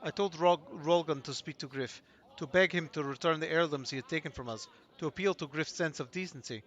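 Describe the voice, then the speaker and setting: A man's voice: a little high, fairly quick, a bit bright, lo-fi sound, natural voice. Man putting on a Russian-accented proud wife. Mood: defiant. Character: foreign tribal wife, defiant woman.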